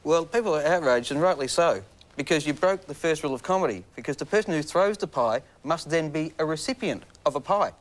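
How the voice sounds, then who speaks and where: A man's voice: fairly high pitch, lively intonation, a little fast, hardly any pauses. A man on a football panel show, firing off cheeky, crude one-liners in live studio banter. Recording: loud studio audience and noise. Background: audience laughter.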